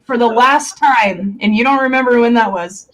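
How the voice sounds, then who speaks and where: Candid, rambling young woman, fairly high voice. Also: normal speed, a crowd in the background. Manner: candid, rambling, heavy on fillers and swearing. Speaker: stream co-host. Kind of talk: casual chat.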